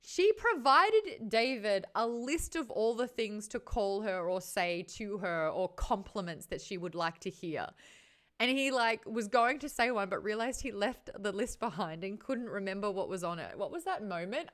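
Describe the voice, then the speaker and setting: A woman's voice: medium pitch, a bit bright, clean tone. A woman with an Australian accent hosting a casual book discussion, retelling scenes and acting out the characters' lines. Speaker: book club host.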